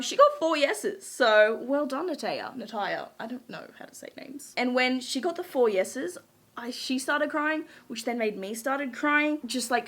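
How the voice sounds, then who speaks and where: A woman's voice: on the high side, fairly bright tone. A young woman chatting casually, bubbly and giggly, gushing as she recaps a show. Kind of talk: casual chat.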